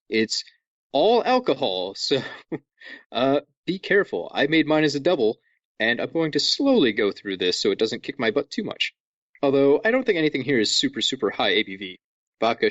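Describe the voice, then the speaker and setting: Animated joking male podcast host. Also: medium pitch, normal speed, no echo, lo-fi sound. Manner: jokey, animated, over-explaining. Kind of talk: casual podcast chat.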